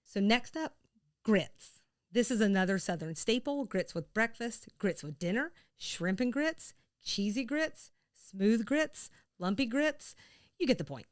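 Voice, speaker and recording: A woman from the American South chats casually as a podcast co-host. Her voice is smooth and clear, and she wanders into rambling asides between bursts of laughter. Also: a little high, lively intonation, a little slow. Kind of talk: casual chat.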